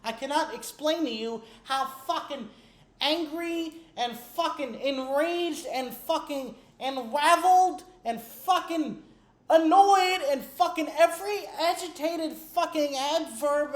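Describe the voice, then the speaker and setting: A woman's voice: high-pitched, measured pace. A woman sports fan at home, delivering a furious, profanity-laden rant that keeps repeating itself. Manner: furious, profane, repetitive ranting. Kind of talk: angry rant to camera. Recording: echoey room.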